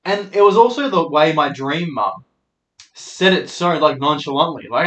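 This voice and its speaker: A twenty-something podcast host holds a handheld microphone in a spacious, echoing room as he delivers a rambling, profanity-filled solo rant, poking fun at his own slip-ups. His somewhat high voice has a sharp tone, an expressive delivery, and a moderate pace.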